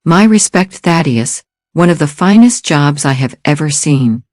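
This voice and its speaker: A man voicing a calm, lethal male government enforcer, measured and commanding. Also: a little high, dry recording, clean studio sound.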